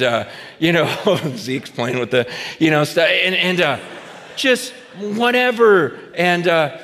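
High-voiced male preacher in a reverberant hall. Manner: conversational storytelling with many fillers and restarts; acts out dialogue, rising to shouts. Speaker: pastor. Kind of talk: sermon.

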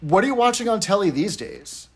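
Slightly high-voiced male co-host. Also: sing-song, fairly quick, crowd noise. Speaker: podcast co-host. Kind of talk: casual podcast chat.

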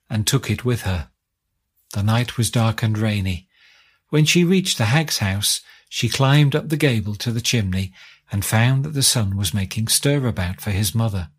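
A man narrating a folk tale aloud in a calm, steady storytelling manner. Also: medium pitch, husky.

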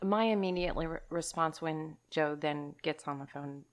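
A woman co-hosting a podcast, telling a story in casual chat, animated and emphatic, calling her listeners y'all and swearing casually. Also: sits low, a little slow. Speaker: podcast co-host.

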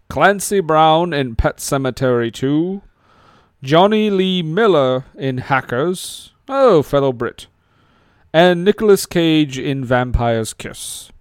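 Man doing a pompous elderly British actor, put-on British accent, smooth voice, dry sound. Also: on the high side, no echo. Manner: pompous, stammering. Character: impression of an elderly British actor, fussy and indignant.

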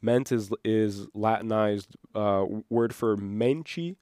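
A man hosting an unscripted solo podcast, rambling and excitable, sometimes losing his train of thought. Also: lowish voice, unhurried, hardly any pauses, dry recording, studio quality. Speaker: podcast host.

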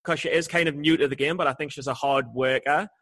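A man's voice: fairly high pitch, steady tone, quick pace, a bit bright. A man co-hosting an interview in a playful, joking way. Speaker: co-host. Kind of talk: casual interview chat.

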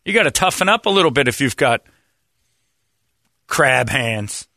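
A man hosting casual studio banter, an animated storyteller who swings his pitch around. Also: moderate pace, gravelly, no room sound. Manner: animated storyteller, jumpy pitch, mock voices.

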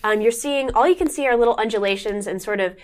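A woman's voice: a little high, quick pace. A woman narrating a tabletop horror game as game master, meandering with many fillers. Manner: meandering, lots of fillers and restarts.

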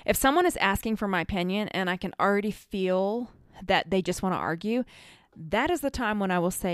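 American lady healer talking it through, earnest and chatty, smooth voice, dry close sound. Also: mid-range voice, expressive, brisk, dry recording. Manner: earnest, conversational, many fillers. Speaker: energy healer. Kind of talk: casual advice monologue.

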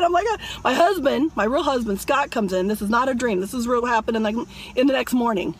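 Woman, high-pitched, emphatic, dramatic dream story, preachy vlog. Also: expressive, brisk, few pauses, a little hiss or hum. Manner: emphatic, addresses viewers as "people". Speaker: religious vlogger.

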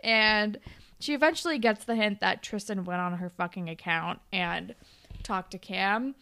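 A woman co-hosting a podcast in casual chat, blunt and quick to swear, laughing often. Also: medium pitch, bright, forceful tone, clean tone. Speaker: podcast co-host recapping a TV episode.

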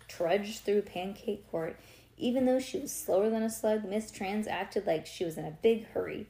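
A woman reads a children's storybook aloud at home, pausing for casual chatty asides to her listener. Her voice is mellow and soft, pitched at an ordinary middle level. The delivery is relaxed and unpolished. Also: reverberant. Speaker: reader to a child. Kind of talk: reading a children's book aloud.

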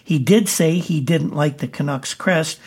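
A man delivering a sports news report in a brisk, matter-of-fact way, with the odd "uh". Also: fairly high pitch, darkish tone, husky.

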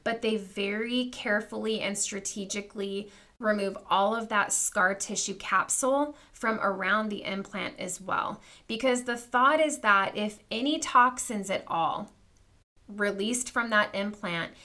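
A woman's voice: mid-range voice, measured pace, pushed and bright. A woman in her thirties hosting a podcast, telling a personal story in a candid, confiding way and talking straight to her listeners. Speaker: podcast host.

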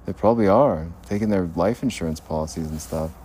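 A man with a low, mellow, slightly rough voice talks fairly quickly into his phone in an outdoor parking lot at night. Recording a rambling podcast monologue, he mutters and talks to himself in a paranoid way.

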